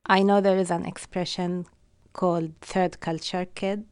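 A woman calmly and thoughtfully reflecting on belonging in an interview. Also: lowish voice, measured pace, smooth, dry recording, clean studio sound.

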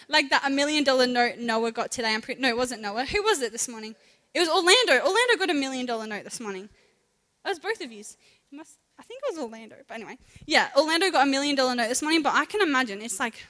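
Young woman, youth speaker, high-pitched and chatty, caught in a reverberant hall. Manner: chatty, animated, acts out voices. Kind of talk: casual youth talk on scripture. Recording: echoey hall.

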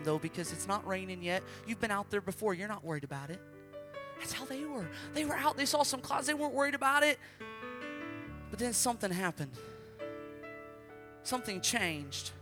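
A man preaching at a children's service, telling the story dramatically and shouting out acted quotes. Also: high voice. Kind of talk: interactive children's sermon.

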